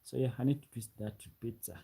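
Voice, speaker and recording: A man's voice: medium pitch, steady tone, rapid-fire, creaky, warm tone, husky, rough recording. A man from Uganda with a Ugandan English accent, chatting casually on a late-night live stream and reading out viewer comments. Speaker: livestreamer. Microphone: ring light setup, webcam.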